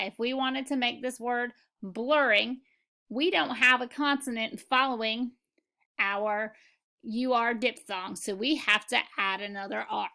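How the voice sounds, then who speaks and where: Woman phonics teacher, patient and deliberate, slightly gravelly, unhurried delivery. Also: on the high side, sharp tone. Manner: patient, spells out sounds and models words. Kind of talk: slow, clear classroom instruction.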